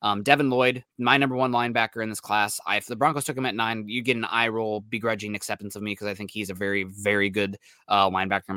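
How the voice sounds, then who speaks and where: A man co-hosts a casual sports podcast in a bright, forward voice, rambling cheerfully and leaning on plenty of ums and uhs. The sound is dry and close, with no room around him. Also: lowish voice, clear, resonant tone, dry recording. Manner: rambling, upbeat, filler-heavy. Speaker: podcast co-host.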